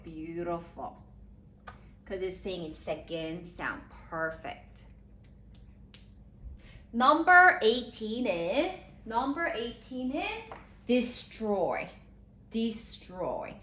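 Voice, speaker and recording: Woman teacher, slow spelling lesson, lively voice, echoey room. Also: medium pitch. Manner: slow, clearly sounding out letters, encouraging praise. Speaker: third-grade teacher. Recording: echoey room with faint ambience.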